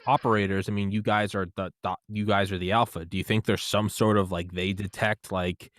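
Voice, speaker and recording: A man's voice: fairly low pitch, little pitch movement, brisk, fairly bright tone. A man hosting a casual interview, talking loosely and hedging with lots of fillers. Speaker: podcast host.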